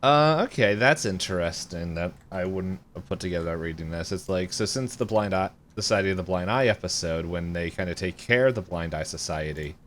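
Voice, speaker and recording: A man co-hosting a podcast, going through wiki notes in casual chat with frequent ums and pauses. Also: low-pitched, a bit bright, a little hiss or hum. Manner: hesitant, lots of ums while reading notes. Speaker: podcast co-host.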